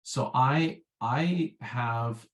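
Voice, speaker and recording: A man's voice: medium pitch, drawn-out words. A man, a former sales rep chatting as an interview guest in a rambling, filler-heavy way. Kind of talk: casual interview chat.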